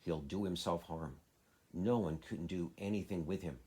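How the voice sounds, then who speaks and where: A man voicing a frightened, hurried woman nurse who pleads urgently. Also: low voice, darkish tone, husky.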